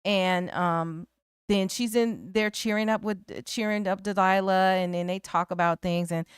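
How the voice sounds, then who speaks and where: Woman, podcast co-host, animated retelling, smooth clear voice, dry close sound. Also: mid-range voice, unhurried, dry recording. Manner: animated storytelling, acts out characters' lines. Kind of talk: casual film discussion.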